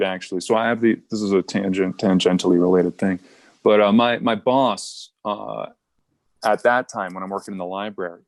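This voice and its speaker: A young comic rambles through an anecdote and pokes fun at himself. His voice is fairly low, recorded close and dry. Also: dry recording. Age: young adult. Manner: rambling, self-mocking. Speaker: podcast co-host and stand-up comic.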